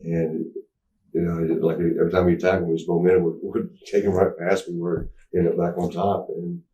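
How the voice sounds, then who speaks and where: A low, dark-toned man in his forties tells a long story in an interview. He rambles, restarting and filling pauses as he goes. The room echoes around him and the mic sits a little away. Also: level tone, highs cut off. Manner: rambling, halting, with many restarts and fillers. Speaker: interview guest. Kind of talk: candid storytelling. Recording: roomy echo, mic at a distance.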